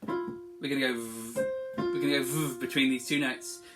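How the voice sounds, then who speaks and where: A school music teacher leading children through a singing warm-up from a camera, upbeat, encouraging and playful. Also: medium pitch, steady tone, normal speed. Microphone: filming themselves on a camera.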